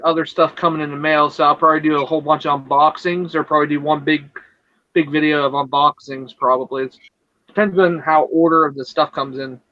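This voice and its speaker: A man chatting casually as a guest on a live stream, loose and halting. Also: a little high, dry recording, dull audio. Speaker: guest reviewer.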